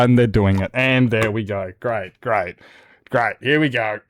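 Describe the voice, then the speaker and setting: A man's voice: on the low side, measured pace, dry recording. An Australian man streaming a game and ranting, heated and sweary, jumping between points. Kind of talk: live-stream rant while gaming.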